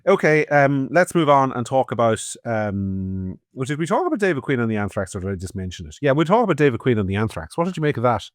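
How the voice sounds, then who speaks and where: Sardonic Irish man, lively pitch. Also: fast talker, hardly any pauses, dry recording, studio quality. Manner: sardonic, swearing, swings loud and soft. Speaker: podcast co-host. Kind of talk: opinionated political chat.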